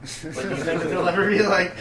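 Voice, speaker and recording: A man's voice: sits high, heavy background noise. A young man from Oklahoma hosting a podcast, telling a long story in casual chat, rambling and swearing constantly. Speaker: podcast host.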